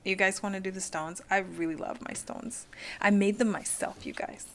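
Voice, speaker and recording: A woman's voice: medium pitch, steady tone, normal speed, vocal fry, slight background noise. A woman hosting a live-streamed card reading, gushing and chatty and full of "like".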